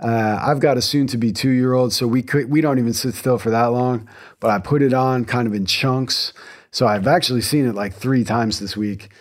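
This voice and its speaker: A man's voice: medium pitch, steady tone, normal speed. A man in his thirties hosting a casual solo podcast from a home garage, enthusiastic and rambling, often restarting his sentences. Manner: enthusiastic, rambling, self-correcting. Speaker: podcast host.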